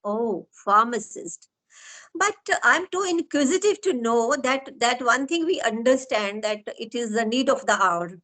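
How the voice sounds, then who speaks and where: A woman's voice: on the high side, lively intonation, a little slow, a bit bright, low-quality recording. A woman with an Indian English accent interviews her guest in a slightly raised voice. She asks long, earnest questions that wind through several thoughts before landing. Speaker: interviewer and host. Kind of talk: online interview.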